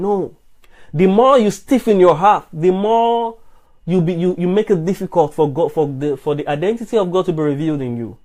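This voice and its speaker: Male preacher, earnest and repetitive, slightly raised pitch, streamed sermon. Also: darkish tone. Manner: earnest, repetitive, stammering restarts.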